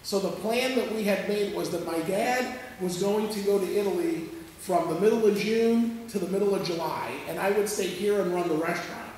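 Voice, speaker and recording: A man preaching a sermon as a pastor, telling a story in an animated, conversational way and checking in with listeners as he goes. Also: high voice, normal speed, slight background noise. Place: church sanctuary. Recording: echoey church hall from far off.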